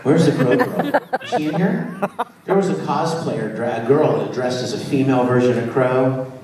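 Animated man telling stories in an echoey hall. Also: medium pitch, normal speed. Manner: animated storyteller, laughing often. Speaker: voice actor on a convention panel. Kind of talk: live convention panel talk. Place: large convention hall. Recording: far-off echoey hall recording, faint crowd noise.

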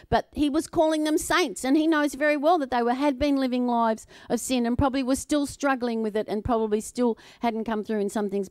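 Chatty woman preaching, higher voice. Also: a little mellow, no room sound, clean studio sound. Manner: chatty, asks the audience questions. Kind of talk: sermon.

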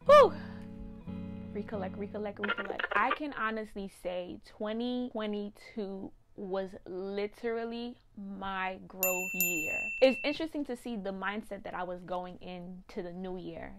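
A woman's voice: mid-range voice, unhurried, hardly any pauses, music in the background. A woman talking casually to camera in a vlog, chatty and emotional, often calling her viewers "you guys". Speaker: vlogger.

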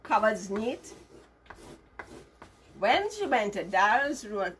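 A woman telling a moral story to children as a teacher, animated and asking them questions as she goes. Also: medium pitch, slow pace, a little hiss or hum.

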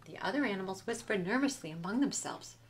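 Expressive woman reading a picture book aloud. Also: mid-range voice, fast talker, background noise. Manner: expressive, sing-song storytelling. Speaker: museum educator.

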